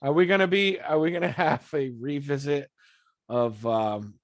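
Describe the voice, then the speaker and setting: Guy hosting a band interview, kinda high voice, swears a lot, acts out stories, dry close sound. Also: moderate pace, dry recording. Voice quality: swears freely, animated storytelling. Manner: laughs often, acts out scenes in quoted voices. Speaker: podcast interviewer. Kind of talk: casual chat.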